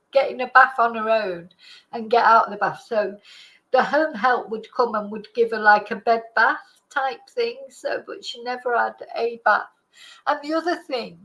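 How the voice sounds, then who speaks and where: A woman's voice: fairly high pitch, fairly bright tone, low-quality recording. An older woman, a channel host chatting through a personal story in a rambling way, full of fillers and restarts. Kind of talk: casual storytelling monologue.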